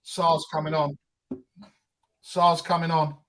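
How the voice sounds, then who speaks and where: A man with a somewhat high voice co-hosts a casual football watch-along. He teases his co-host and keeps urging the team on. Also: little pitch movement, slow, fairly bright tone, a little hiss or hum, rough recording. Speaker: co-host of a football fan show.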